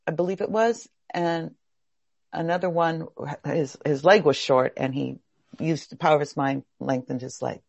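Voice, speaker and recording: A woman leads a group over a video call, her voice gravelly and a little husky and swinging widely in pitch. She keeps putting questions to the group. The sound is dry and somewhat dull. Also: no room sound. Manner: animated, asks the group questions. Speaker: workshop host.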